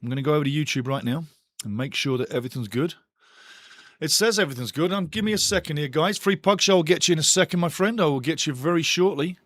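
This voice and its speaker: Excitable man hosting a football watch-along. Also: on the high side, fast talker, no echo, studio quality. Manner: excitable, chatty, talks to the chat. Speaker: watch-along show host. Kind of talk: live-stream football watch-along chat.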